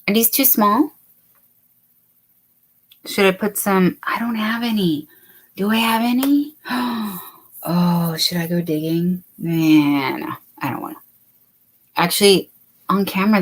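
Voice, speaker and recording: A woman hosting a casual late-night crochet livestream, chatting and reading viewer comments aloud. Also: fairly low pitch.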